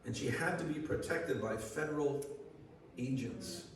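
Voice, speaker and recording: A man's voice: medium pitch, a little slow, creaky, a little hiss or hum. A man giving a sermon as pastor, in a conversational way that asks the congregation questions. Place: church hall. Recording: echoey church hall from far off.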